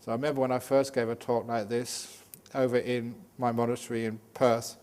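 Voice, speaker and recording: An older man, a Buddhist monk, teaching meditation in a humorous, lively Dhamma talk full of jokes. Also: medium pitch, fairly quick. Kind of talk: Dhamma talk at a day retreat.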